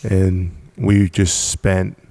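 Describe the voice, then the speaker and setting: A man with a deep voice recounts his story to a podcast host. His delivery is emphatic and punchy, and he hammers points home by repeating them. The sound is dry and close, with a gravelly edge. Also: little pitch movement, very slow, dark tone, no echo. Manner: emphatic, repetitive, punchy storytelling with frequent laughs. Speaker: podcast guest, business founder. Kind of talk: casual storytelling in conversation.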